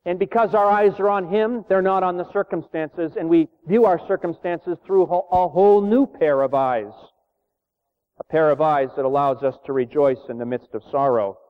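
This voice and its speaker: Earnest male preacher, somewhat high voice, measured sermon delivery; long hall reverb. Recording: tinny phone-like sound in a reverberant hall.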